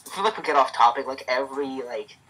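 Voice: mid-range voice, fast talker, pushed and bright, husky, poor audio. The host of a live fanfic reading, narrating and chatting in a rambling way with lots of fillers on a home microphone.

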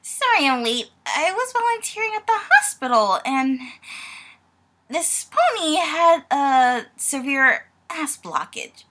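Bright breathy pony girl, clumsy and cheery, as a woman reads her lines live, voice bouncing all over. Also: sits high, big pitch swings, takes it slowly, pitched above the performer's own voice, full character voice. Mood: cheerful. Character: clumsy, cheerful young unicorn mare. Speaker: voice actor reading a character part. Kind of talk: live fanfic reading.

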